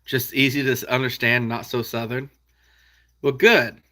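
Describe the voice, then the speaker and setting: A young man from the American Midwest talks casually to his live-stream viewers. He answers their questions by name and laughs often as he chats. His voice sits at an everyday middle pitch. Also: flat delivery, moderate pace, sharp tone, a little hiss or hum. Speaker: trapping channel host reading live chat.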